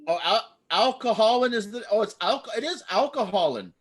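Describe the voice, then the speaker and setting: A man's voice: high voice, expressive, brisk. A man hosting an improv comedy show over a video call, chatty and rambling. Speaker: improv host. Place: home via video call.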